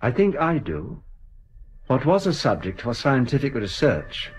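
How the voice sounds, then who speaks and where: An actor playing a calm investigator who speaks in a measured, reasoned way. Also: male voice, medium pitch. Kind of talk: 1970s radio drama acting.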